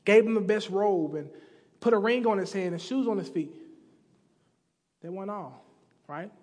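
A man's voice: high-pitched, moderate pace, a little mellow, in a large hall. A man preaching a sermon, telling stories and acting out characters in a casual, slangy way. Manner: acts out characters with slang voices. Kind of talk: sermon storytelling. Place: church sanctuary.

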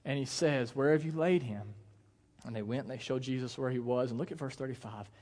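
A man's voice: medium pitch, fairly quick, darkish tone, big-room sound. An American man, a pastor, giving a sermon in a casual, conversational way with lots of fillers. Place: church auditorium.

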